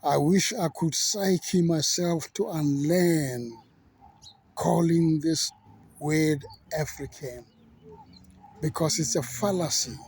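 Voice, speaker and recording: A man who preaches as a pastor, giving an outspoken, measured monologue in a gravelly voice. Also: on the high side, a little mellow. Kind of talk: reflective monologue.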